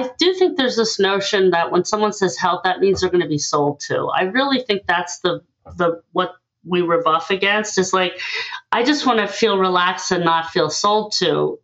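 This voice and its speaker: Animated woman telling stories. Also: mid-range voice, normal speed, highs cut off. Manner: animated, acts out dialogue in her stories. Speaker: guest, listening expert. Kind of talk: conversational storytelling.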